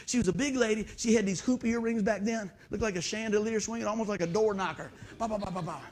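A preacher with a high-pitched voice spins a folksy story from the pulpit. He acts out the voices and sound effects as he talks, then leans into the sermon. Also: fast talker, darkish tone.

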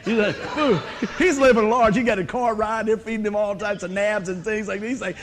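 A man's voice: high voice, normal speed, few pauses, fairly bright tone. A male pastor, telling a funny story in a sermon, laughing often and acting out the voices.

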